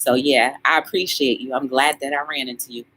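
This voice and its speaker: A woman's voice: very deep voice, a little fast. A woman hosting a live talk show, chatting casually and colloquially with her viewers. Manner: animated, shouting out viewers by name; colloquial, conversational. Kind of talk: casual live-stream chat.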